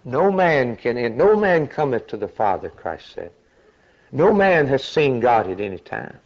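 A man preaching at an unhurried, deliberate pace. His delivery is dramatic, rising to loud, high-pitched cries. The recording is dull and lo-fi. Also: very animated. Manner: slow, dramatic preaching that climbs to high shouted peaks. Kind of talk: sermon.

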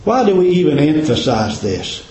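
A man's voice: a little high, big pitch swings, normal speed, darkish tone, a little hiss or hum. A man preaching a sermon in a folksy, dramatic cadence, full of rhetorical questions. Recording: very echoey room.

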